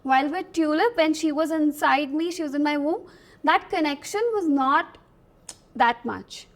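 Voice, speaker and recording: A young woman guest in an interview, telling a personal story in a thoughtful, pausing way. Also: high voice. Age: young adult.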